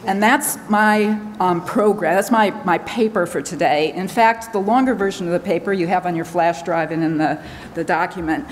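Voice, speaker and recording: Woman, American accent, rushed conference talk, lots of ums, long hall echo, faint room hum. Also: lowish voice. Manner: hurried, talking fast with many fillers and restarts. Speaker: conference speaker.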